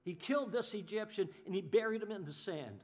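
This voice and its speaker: A man preaches a sermon with a notably high voice for a man. He is animated and expressive, jumping into the voices of the people he describes. He often repeats a word or two before going on. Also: fairly quick. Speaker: pastor.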